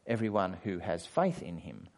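A man's voice: low-pitched, very animated, moderate pace, darkish tone. A man preaching a conversational sermon, acting out quoted voices as he goes.

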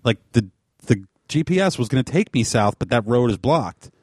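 A man spins a long, winding story in easy conversation, stacking fillers as he goes. His voice sits at an ordinary middle pitch and is recorded dry and close, with no room sound. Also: normal speed, slightly rough, no room sound. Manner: rambling, animated storytelling with fillers. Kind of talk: casual chat.

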